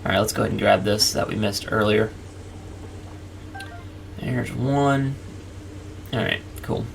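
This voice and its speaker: A man's voice: lowish voice, a little slow, gravelly, slight background noise. A man hosting a let's play, chatting casually and narrating each move to the viewer. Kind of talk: casual gameplay commentary.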